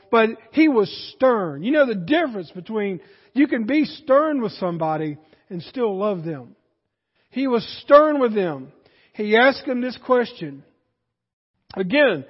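A man's voice: very high voice, big-room sound, dull audio. A man preaching a sermon to his congregation, speaking conversationally with restarts and acting out quoted voices. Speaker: pastor. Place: church sanctuary.

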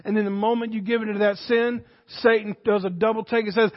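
A male pastor giving an impassioned sermon in a church, swinging between shouted exhortation and hushed intensity, in a dull recording with long reverb. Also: high voice, moderate pace. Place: church sanctuary.

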